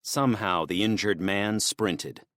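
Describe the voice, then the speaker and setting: A man narrating an audiobook in a steady, measured way. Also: lowish voice, dry recording, clean studio sound. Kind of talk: scripted narration.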